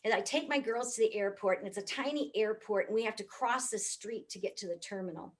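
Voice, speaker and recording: A middle-aged woman from the United States giving a comic, animated keynote talk. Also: medium pitch, fairly quick. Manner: animated, comic, swoops up for punchlines. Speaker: motivational speaker.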